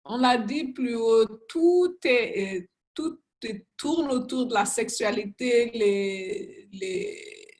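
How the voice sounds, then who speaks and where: A woman speaks on a panel in an earnest way, stopping often with fillers as she hunts for the right word. Her voice sits a little high. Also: expressive, slow pace, a little mellow. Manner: earnest, searching for words with many fillers. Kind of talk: casual panel chat.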